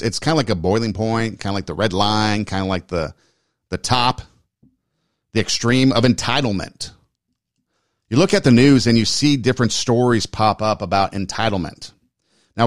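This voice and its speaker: A man with a voice on the low side hosts a talk show, recorded in clean studio sound with no echo. He speaks conversationally and emphatically, often repeating himself and rewording what he's just said.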